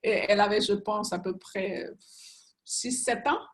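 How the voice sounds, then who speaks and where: A woman speaking on a panel, earnest, often pausing with fillers to find her words. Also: mid-range voice, steady tone. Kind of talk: casual panel chat.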